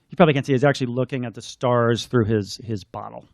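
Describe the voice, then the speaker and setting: A man's voice: on the high side, sing-song, moderate pace, no echo, clean studio sound. A man, a children's book author, chatting in rambling asides and then reading his picture book aloud.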